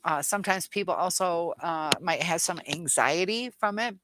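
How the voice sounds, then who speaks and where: A woman's voice: on the low side, moderate pace, background noise. A middle-aged woman hosting a live chat, reading viewer comments aloud, laughing often and chatting casually.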